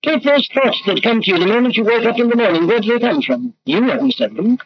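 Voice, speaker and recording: A man's voice: high-pitched, expressive, fast, slightly rough, no room sound. A man preaching a sermon in an emphatic, rhetorical way, his voice swelling and dropping. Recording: dull lo-fi archival recording with faint noise.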